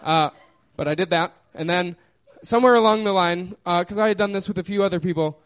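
A man's voice: high-pitched, fairly quick. A man casually telling a personal story, laughing often and trailing off with fillers.

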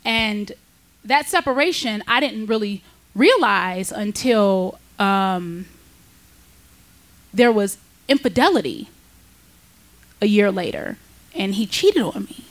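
A woman in her thirties, a stand-up comedian, telling a personal story in a candid, animated way, with laughs between lines. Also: slow, pauses often. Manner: candid, animated, jumps high in pitch for quoted voices, laughs between lines.

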